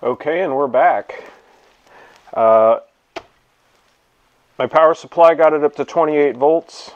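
A man hosting a casual hands-on demonstration in his home garage, relaxed and thinking aloud as he works. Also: on the high side, slow pace, lo-fi sound. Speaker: video host.

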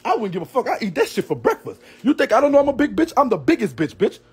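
On a livestream, a man with a very high, sing-song voice rants at a quick pace, his tone darkish and slightly rough. He's brash and profane, trash-talking in a Southern US drawl and laughing frequently.

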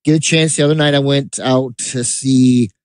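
Rambling, animated man co-hosting a chat show. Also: mid-range voice, normal speed, no echo. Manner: rambling, animated storytelling with laughs. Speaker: podcast co-host. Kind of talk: casual chat.

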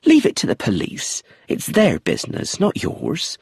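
A man's voice: on the high side, huge pitch swings, measured pace, vocal fry, darkish tone, husky, no echo, clean studio sound, voice pushed up, heavily acted. A man voicing a stern older woman, a family nanny, in a storybook reading. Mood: scolding. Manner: scolding, matter-of-fact.

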